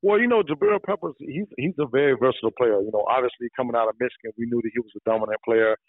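A man's voice: medium pitch, racing, no echo. A man in his thirties, a former player calling in as a podcast guest, talking casually. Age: 30s. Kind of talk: casual interview. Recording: tinny phone line.

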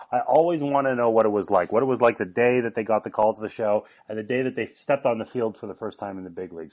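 Chatty podcast host man. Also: medium pitch. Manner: chatty, conversational questioning. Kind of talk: interview questions.

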